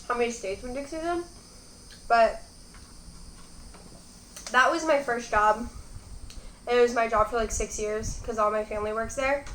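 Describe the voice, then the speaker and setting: A young woman hosts a mukbang, chatting casually and rambling between bites in a fairly high, fairly bright voice. She's recorded at home in an echoey room, with faint crickets and a little background noise behind her.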